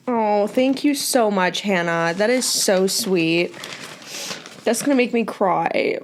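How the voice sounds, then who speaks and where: A young woman vlogging, shifting between indignant commentary and gushing excitement. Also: medium pitch, slow pace, slight background noise. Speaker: commentary YouTuber. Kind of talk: commentary vlog.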